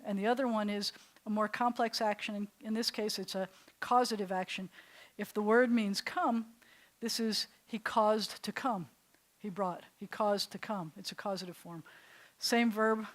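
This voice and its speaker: A woman rabbi teaching a classroom lesson, her pitch sitting in the middle range. She explains step by step, enthusiastic, and now and then restarts a sentence as she thinks aloud.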